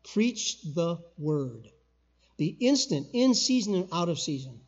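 Older man preaching a sermon, husky. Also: high voice, big pitch swings, takes it slowly, highs cut off. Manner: emphatic, rising to loud call-and-response. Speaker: guest preacher. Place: church sanctuary.

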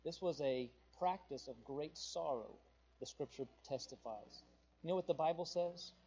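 A male pastor preaching a sermon with passion, his voice surging louder on the emphatic points. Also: on the high side, moderate pace, slightly rough, lo-fi sound.

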